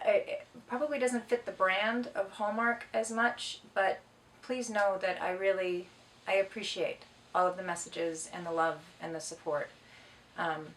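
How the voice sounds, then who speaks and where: This middle-aged woman, a Canadian actress, has a mid-range voice with slight background noise behind it. She reads her fans' questions out loud and gives teasing, playful answers in a casual self-made Q&A. The room echoes and the mic is far off.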